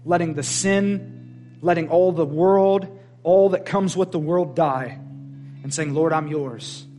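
A man preaching a sermon in a folksy, plain-spoken way, swinging from loud emphatic declarations to quiet intimate prayer. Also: high voice, takes it slowly, faint music behind. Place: church service.

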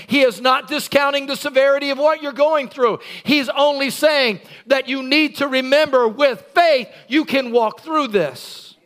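High-voiced, bright, animated male preacher. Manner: animated storytelling preacher, acts out scenes and shouts. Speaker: pastor. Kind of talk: sermon. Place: church.

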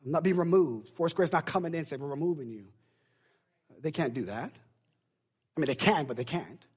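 Man, pastor, husky, slightly high voice, emotional sermon, quiet asides to loud preaching. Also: brisk. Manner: emotional, swings from hushed confiding to loud preaching. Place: church.

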